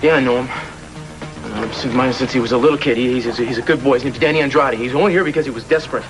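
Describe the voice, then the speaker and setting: An actor playing a distraught man who tries to keep a dying friend calm in a 1980s soap opera. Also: mid-range voice, rapid-fire, over music, natural voice. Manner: urgent, pleading.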